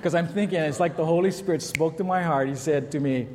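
Animated male pastor preaching in a hall. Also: fairly high pitch, fast, slight background noise. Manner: animated storyteller, acts out shouts and kids' voices. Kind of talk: sermon with storytelling. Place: church.

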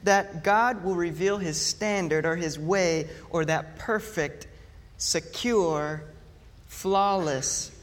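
A pastor preaching a sermon, telling a story in an animated way and acting out mock panic. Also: male voice, high-pitched, takes it slowly. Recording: long hall reverb.

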